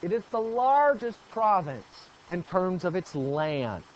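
Lively high-voiced male teacher. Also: slow, slight background noise. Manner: asks the class questions and praises answers; lively, repeats key points. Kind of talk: classroom geography lesson. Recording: dull lo-fi classroom recording.

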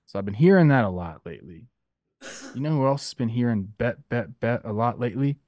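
A man's voice: medium pitch, lively intonation, a little fast, darkish tone, no room sound, clean studio sound. A man co-hosting a sports podcast, rambling through stories and stats in a loose, chatty way. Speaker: podcast co-host and youth baseball coach. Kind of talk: casual sports podcast chat.

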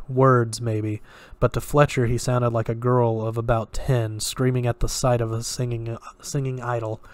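A man reading a dark thriller story aloud in a steady, even storytelling manner. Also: medium pitch, no echo. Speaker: story reader. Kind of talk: audiobook-style story reading.

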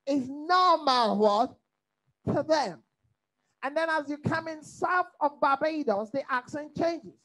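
A woman teaching a Bible study in preaching style, lively and humorous, asking the listeners to fill in her words. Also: high-pitched, takes it slowly, low-quality recording. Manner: rhetorical call-and-response questions; lively, humorous, mimics accents.

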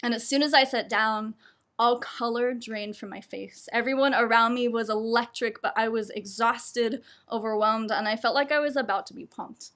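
A woman's voice: fairly high pitch, normal speed. A young adult woman performing a personal story, laughing often and poking fun at herself. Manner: laughs often between lines, lively and self-mocking.

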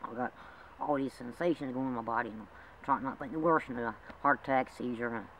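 A man's voice: medium pitch, fast talker. Guy rambling all emotional in a homemade drama, far from the mic, lots of noise behind him. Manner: rambling, emotional, with many laughs. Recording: distant mic with loud background noise.

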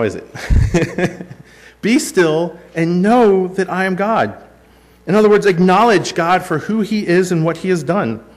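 A man in his thirties preaching a sermon, mixing scripture with a self-deprecating family story. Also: on the high side. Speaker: pastor.

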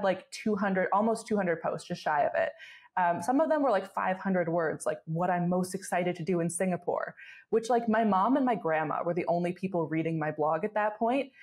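This travel blogger, a woman in her twenties, speaks at a medium pitch with a slightly mellow quality. As a guest on a podcast, she rattles off stories in easygoing conversation, leaning on lots of fillers and laughing often.

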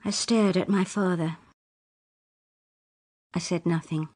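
A woman's voice: fairly low pitch, steady tone, measured pace, long pauses, a little mellow. A woman reading a short story aloud in plain, simple sentences for English learners. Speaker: story reader.

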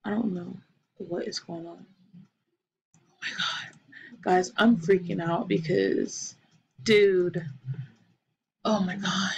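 Slow-talking excitable young woman gamer. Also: lowish voice, creaky, highs cut off, a little hiss or hum. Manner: chatty and excitable, lots of um and gasps. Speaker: gaming channel host. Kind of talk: casual gameplay commentary. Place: bedroom at home, TV in another room.

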